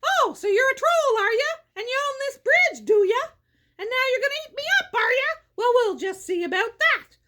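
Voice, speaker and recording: A woman's voice: extremely high pitch, animated, moderate pace, bright, forceful tone, pitched above the performer's own voice, full character voice. A woman doing a bold, taunting big billy goat. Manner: taunting, boastful.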